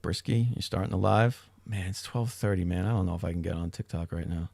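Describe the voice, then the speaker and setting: Gravelly-voiced man rambling on a livestream. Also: low-pitched, a little fast, a little mellow, no echo. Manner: rambling, profane, self-interrupting. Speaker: livestream host. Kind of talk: casual livestream chat.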